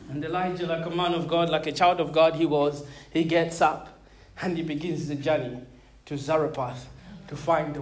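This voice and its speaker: A woman in her thirties preaching a sermon, animated and laughing often, checking in with her listeners and repeating words as she thinks. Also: low voice. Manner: repeats words when searching for them.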